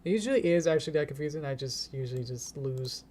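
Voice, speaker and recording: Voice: mid-range voice, expressive, fast talker, a little mellow, slight background noise. A streamer talking casually while animating at a computer, thinking aloud step by step, chanting little counts and laughing often.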